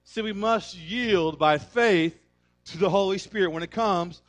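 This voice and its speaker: A male pastor preaching a sermon, emphatic and energetic, calling on the congregation to respond. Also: high-pitched, unhurried, faint music behind. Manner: conversational storytelling.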